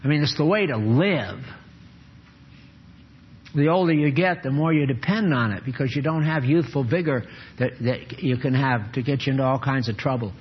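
An older man giving an informal, folksy sermon with chuckles and sudden animated bursts. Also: mid-range voice, moderate pace, breathy edge. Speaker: preacher. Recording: dull lo-fi recording.

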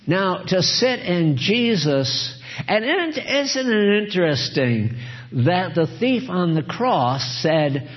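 A man's voice: sits high, sing-song, slow pace. A man preaching a sermon in an earnest, exhorting way, chuckling often as he talks. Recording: dull lo-fi recording.

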